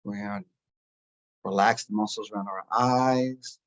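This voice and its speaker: A man guiding a listener through a calm breathing and relaxation meditation, giving slow, soothing instructions. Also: fairly low pitch, muffled recording. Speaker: meditation guide. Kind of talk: guided meditation.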